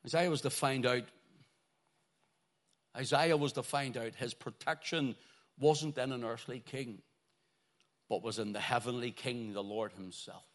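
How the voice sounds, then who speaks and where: A man preaching a sermon, swinging between loud, drawn-out exclamations and hushed, dropping phrases as he stresses key words. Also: mid-range voice.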